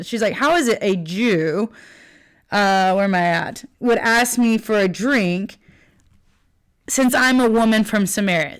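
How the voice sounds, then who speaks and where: A young woman teaching a Bible lesson in a casual, chatty way, with many fillers as she retells the story. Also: mid-range voice.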